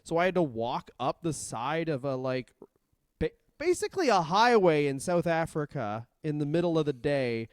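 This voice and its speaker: A man's voice: on the high side, big pitch swings, normal speed, clean tone, dry recording, studio quality. A man from Canada co-hosting a podcast, telling rambling comic stories with lots of swearing. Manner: profane, rambling storyteller. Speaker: podcast co-host. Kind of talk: casual comedic chat.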